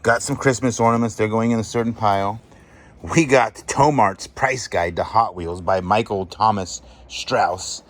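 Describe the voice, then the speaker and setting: A man vlogging as he sorts a storage unit find, chatting excitedly and appraising each item aloud. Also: on the low side, measured pace. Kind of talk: casual show-and-tell commentary.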